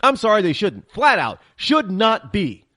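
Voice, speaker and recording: A man's voice: high voice, big pitch swings, measured pace, pushed and bright, dry recording, studio quality. A man hosting a political talk show, ranting heatedly in a monologue and often stammering and restarting.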